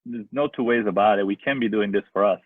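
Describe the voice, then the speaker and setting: A man who coaches youth soccer and makes films, telling rambling, animated stories with lots of fillers over a video call. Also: on the low side, fast talker, breathy edge, no echo. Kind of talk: casual storytelling in a video-call interview. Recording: tinny phone-like line, dry.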